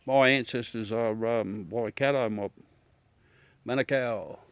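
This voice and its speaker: A man's voice: medium pitch, slow, clear, resonant tone, dry recording. An Australian man livestreaming outdoors at night, rambling chattily to his viewers through a smartphone. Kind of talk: casual live chat.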